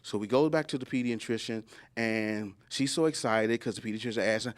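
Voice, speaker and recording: A man in his forties doing a stand-up comedy story, jumping into high squeals when he acts out quotes. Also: fairly quick. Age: 40s. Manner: animated, jumps into high squeals acting out quotes.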